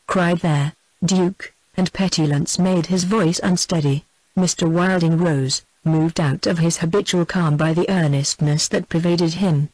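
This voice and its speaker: A narrator reading a historical novel aloud in a steady, even manner. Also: medium pitch, measured pace, dry recording, poor audio. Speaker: audiobook narrator. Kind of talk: scripted narration.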